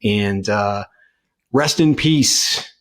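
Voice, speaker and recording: A man's voice: on the low side, very slow, a bit bright. A man co-hosting a podcast, chatting casually with many fillers and restarts. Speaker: podcast co-host. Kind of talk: casual chat.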